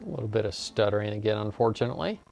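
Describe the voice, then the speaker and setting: A low-voiced man chatting casually as he plays a fantasy video game. He jokes along with light filler words in a laid-back way. Faint game music plays beneath his voice. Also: rapid-fire, vocal fry, highs cut off. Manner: relaxed, joking, with frequent filler "uh". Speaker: let's play host. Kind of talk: casual gameplay commentary.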